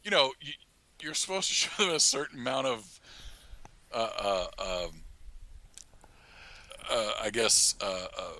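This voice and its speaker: A man who writes an audio drama, chatting on a podcast in a halting, self-mocking way and laughing often mid-sentence. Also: on the low side, sharp tone. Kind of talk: casual podcast chat.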